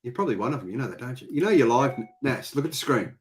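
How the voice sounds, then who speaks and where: A man's voice: medium pitch, animated, rapid-fire. An Australian man hosting a casual live-stream chat, teasing and bantering with his guest. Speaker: host.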